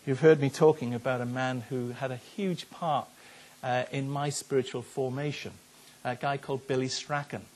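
A man's voice: medium pitch, fairly even intonation, normal speed, darkish tone. An older man, a pastor preaching a sermon in an earnest, conversational way, often repeating his words. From Wales.

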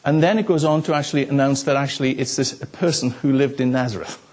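A man's voice: medium pitch, quick pace, darkish tone. A man, from Wales, preaching a sermon as pastor and telling stories with asides to the congregation. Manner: chatty storytelling with asides to the congregation.

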